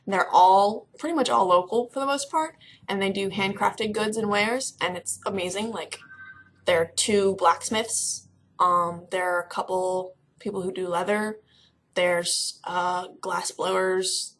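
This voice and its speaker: Chatty excitable young woman vlogging. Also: medium pitch. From Kentucky. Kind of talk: casual chat.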